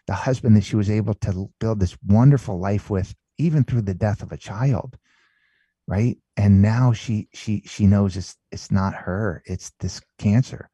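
Male guest author, deep mellow voice, emphatic storyteller who repeats himself and keeps asking "right?", dry close sound. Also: moderate pace, husky, dry recording. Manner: emphatic, repeats words, says "right?" and "man". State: emotional while telling story. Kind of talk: conversational storytelling.

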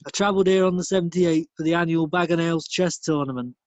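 Man doing northern pub bore: high, dry, rambling puns. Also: steady tone, fast talker, no echo, lo-fi sound, natural voice. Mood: jovial. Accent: northern English. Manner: rambling, pun-telling, beery banter. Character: chatty pub regular telling bad jokes, man.

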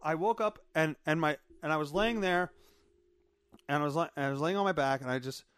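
A male podcast host talks in a loose, rambling way, swearing freely and breaking off to greet live viewers. His voice sits a little high for a man. The recording is close and dry. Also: fairly quick, a bit bright, clear, resonant tone, no echo. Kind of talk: casual live-stream monologue.

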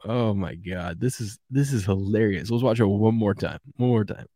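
A man's voice: on the low side, normal speed, dark tone, dry recording, studio quality. A man hosting a casual morning sports show, rambling and chuckling as he reads viewer comments. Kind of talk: casual live sports chat.

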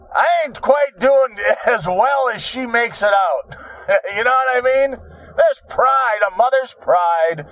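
A man's voice: high-pitched, a bit bright, no room sound. A man in his sixties telling his own story in a rambling monologue, profane, wry and self-mocking.

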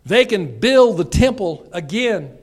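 A man preaching a revival sermon, reading scripture quietly and then building to loud, shouted exhortation. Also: high voice, very animated, slow.

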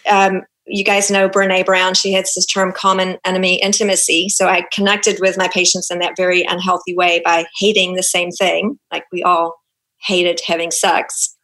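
Frank Kiwi woman in her fifties, low-pitched. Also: little pitch movement, normal speed, sharp tone, poor audio. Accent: New Zealand. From New Zealand. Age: 50s. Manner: frank and candid, with many fillers. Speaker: guest, gynecologist. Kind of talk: podcast interview.

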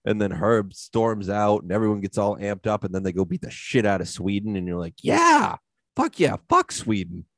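A man's voice: lowish voice, steady tone, fairly quick, few pauses, darkish tone, no room sound, studio quality. A man co-hosting a podcast, chatting casually and retelling movie scenes in a loose, profane way. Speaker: podcast co-host. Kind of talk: casual chat.

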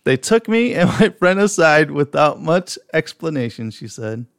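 A man co-hosting a casual podcast chat, animated and laughing as he reads out a news story. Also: a little high, moderate pace, vocal fry, no room sound, studio quality. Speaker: podcast co-host.

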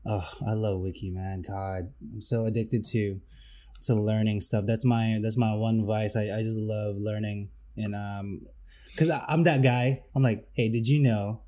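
A man's voice: lowish voice, fairly even intonation, unhurried, mellow. A man co-hosting a casual podcast, enthusiastic and jokey, reacting and telling stories. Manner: enthusiastic, jokey, acts out quotes. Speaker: podcast co-host.

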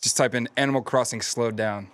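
Young man, casual chat, rambling, laughs a lot, mid pitch. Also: steady tone, fairly bright tone. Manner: laughs often, quick rambling storytelling. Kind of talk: casual chat among friends.

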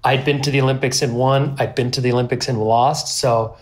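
A man in his thirties, a guest on an interview podcast, telling a personal story in a rambling, self-deprecating way with lively quoted asides. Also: medium pitch, fairly quick. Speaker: guest, pro snowboarder.

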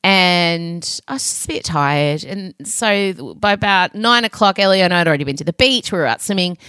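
A woman's voice: on the low side, moderate pace, sharp tone, smooth, dry recording. A woman, co-hosting a chat podcast and telling a story with dramatic, wry humor. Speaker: podcast co-host.

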